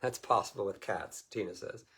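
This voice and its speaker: A man's voice: on the low side, normal speed, fairly bright tone, husky. A man preaching informally to viewers, rambling in a folksy way and chuckling often. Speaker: Christian minister.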